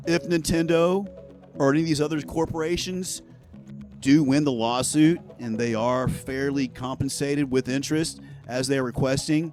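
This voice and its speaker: A man's voice: medium pitch, a little mellow. A man giving casual, heated commentary on gaming news, swearing freely and talking in a sarcastic, ranting way.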